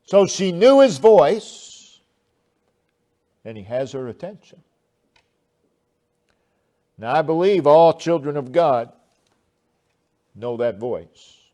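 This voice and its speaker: A man preaching a sermon, slow and deliberate, with long pauses and swelling emphasis. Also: a little high, sing-song, warm tone. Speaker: pastor.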